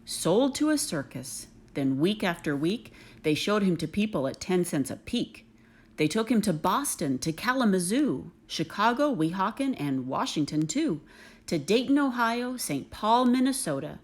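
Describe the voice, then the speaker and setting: A woman's voice: lowish voice, normal speed, slightly rough. Woman reading a kids book aloud, bouncy rhymes, lots of ups and downs in her voice. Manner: expressive, rhythmic read-aloud. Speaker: reader.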